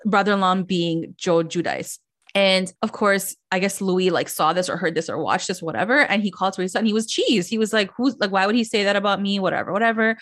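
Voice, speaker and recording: A woman's voice: medium pitch, fairly quick, fairly bright tone. A woman hosting a podcast, recapping a reality show in casual, chatty talk full of "like" and quoted lines. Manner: chatty, lots of "like", quotes others in voices. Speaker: podcast host. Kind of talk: casual pop culture chat.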